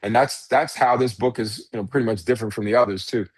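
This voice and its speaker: A man's voice: mid-range voice, fairly even intonation, quick pace, breathy edge, no room sound. A pastor giving an informal Bible class lecture, talking conversationally and restarting phrases as he explains. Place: church classroom.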